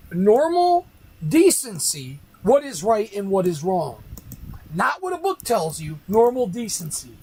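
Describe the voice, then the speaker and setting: A man's voice: high voice, a little mellow, a little hiss or hum, rough recording. A man ranting on a casual livestream, arguing with rhetorical questions and repeating his points.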